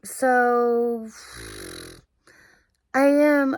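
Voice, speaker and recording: A young woman talking about her own experiences in a halting, earnest way, full of fillers and restarts. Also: fairly high pitch, fairly even intonation, fairly bright tone, dry recording. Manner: earnest and searching. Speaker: vlogger. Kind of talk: casual personal monologue.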